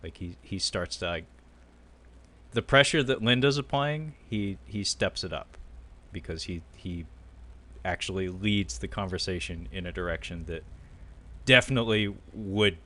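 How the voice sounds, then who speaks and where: Low-voiced podcast host recapping a film. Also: male voice, measured pace. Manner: animated storyteller, acting out quotes with loud bursts and laughter. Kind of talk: casual film recap chat.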